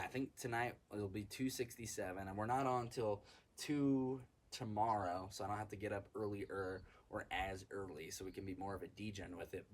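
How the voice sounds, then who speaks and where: A man hosting a casual podcast, rambling excitedly and swearing often, recorded outdoors in the sun. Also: mid-range voice. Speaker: podcast host. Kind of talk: casual chat.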